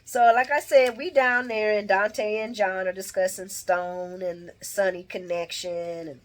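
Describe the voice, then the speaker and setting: A woman hosting a casual, chatty recap, animated and slangy, who laughs and acts out lines. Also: medium pitch, measured pace. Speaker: channel host. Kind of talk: casual soap opera recap.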